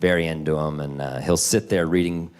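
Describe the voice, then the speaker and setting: A man in his forties doing a stand-up comedy set on stage, telling animated, self-deprecating stories. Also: extremely low pitch, a little fast, clean tone. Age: 40s.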